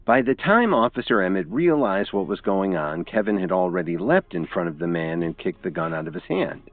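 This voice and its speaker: A man with a very low voice narrates a scripted story fairly quickly, with a lively, expressive lilt. The sound is thin, phone-like and bone-dry, with faint music underneath.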